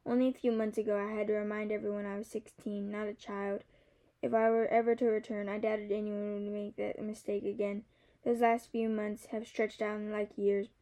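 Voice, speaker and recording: A young woman reading a novel aloud in the first person, measured and softly expressive. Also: mid-range voice. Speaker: audiobook narrator.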